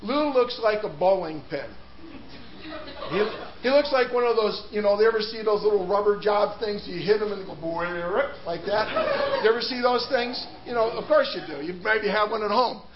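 A man's voice: high-pitched, moderate pace, dull audio. A man preaching a sermon, telling a story with laughs and restarts before turning to scripture. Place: church hall.

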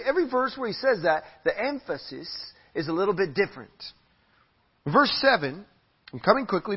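Animated, husky-voiced male preacher. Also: high-pitched. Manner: animated, emphatic preaching with stretched slow phrases. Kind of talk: sermon. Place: church hall. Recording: dull lo-fi church audio.

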